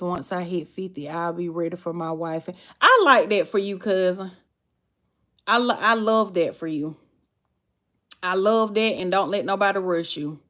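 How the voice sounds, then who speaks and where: A woman's voice: medium pitch, a bit bright. A woman with a Southern US accent, chatting casually on a livestream and answering viewers' comments. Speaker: livestream host.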